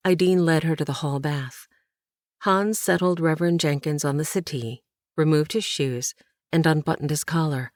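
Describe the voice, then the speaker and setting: A woman narrates a historical novel with measured, even storytelling. Her voice sits low for a woman. The recording is dry and close, with no room sound. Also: dry recording. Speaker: audiobook narrator. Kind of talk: scripted narration.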